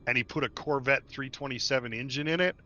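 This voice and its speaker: A man hosting a casual gaming livestream, talkative and quick to laugh as he explains things at length. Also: mid-range voice, sharp tone, lo-fi sound. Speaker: livestream host. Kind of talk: casual gaming stream chat.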